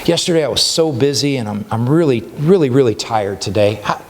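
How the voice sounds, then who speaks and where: A man's voice: medium pitch, lively intonation, a little fast, darkish tone, long reverb tail, a little hiss or hum, lightly acted. A man voicing a busy wife who keeps brushing off her husband's requests with excuses, in a sermon illustration. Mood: dismissive.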